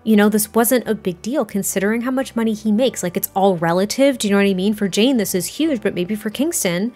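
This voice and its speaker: A woman's voice: mid-range voice, fairly quick, a little mellow, faint music behind. A woman casually narrating a life-sim story, chatty and filling her talk with "like" and "you know". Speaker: Sims storyteller YouTuber.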